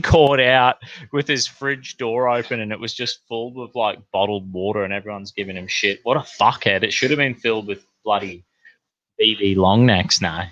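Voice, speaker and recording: A man's voice: lowish voice, bright, forceful tone, no echo, poor audio. A man with an Australian accent hosting a crude comedic news livestream, rambling and swearing in blokey slang.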